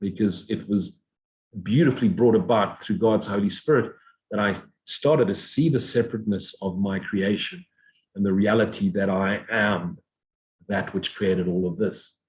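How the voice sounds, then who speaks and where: A middle-aged man giving a reflective spiritual talk as a teacher, slowly repeating affirmations in a meditative way. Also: fairly low pitch, darkish tone, low-quality recording. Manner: slow, meditative repetition of affirmations.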